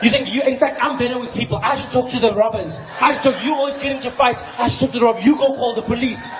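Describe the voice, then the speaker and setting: A man's voice: extremely high pitch, fairly even intonation, fast talker, background noise. A man voicing an indignant woman who berates her partner in a ranting, scolding way, in a roomy theater with crowd laughter.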